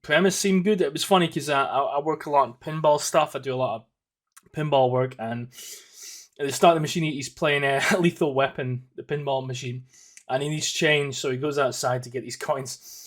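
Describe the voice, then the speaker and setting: A man's voice: medium pitch, fairly quick. A Scottish man in his thirties hosting a casual solo podcast. He rambles and swears, with plenty of ums and restarts. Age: 30s. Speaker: podcast host.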